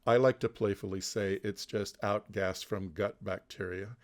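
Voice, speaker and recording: A man's voice: on the low side, fairly even intonation, normal speed. A man leads an online mindfulness class and talks his ideas through at an easy pace. He restarts words often, laughs easily and sounds like he is on a video call. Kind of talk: casual teaching chat.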